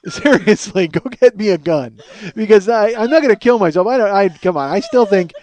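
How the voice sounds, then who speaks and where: A man hosts his own podcast in a high-pitched, animated, slightly mellow voice at a moderate pace, with a little hiss or hum. His monologue rambles and mocks himself; he swears a lot, sounds tired, yawns, and keeps restarting.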